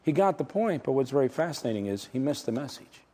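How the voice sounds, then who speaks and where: A man preaching a sermon, emphatic and dramatic, swinging from loud declarations to hushed, slow words. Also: medium pitch, big pitch swings, husky. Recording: long hall reverb.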